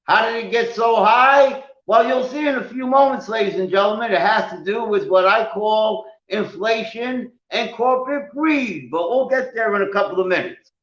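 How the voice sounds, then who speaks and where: A man's voice: high-pitched, a bit bright. A man hosting a televised finance lesson, speaking emphatically and addressing his audience directly. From United States. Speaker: finance show host and teacher. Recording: roomy, dull lo-fi sound.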